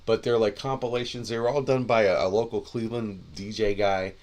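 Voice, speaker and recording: Rambling low-voiced male podcast host. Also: steady tone, fairly quick, a little mellow. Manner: rambling, with many restarts and asides. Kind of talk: casual chat.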